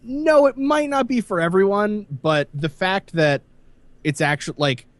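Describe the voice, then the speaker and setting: A man's voice: high-pitched, normal speed, dry recording. A man co-hosting a casual gaming podcast, rambling through the news with lots of fillers. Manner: animated, rambling with many fillers. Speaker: podcast co-host.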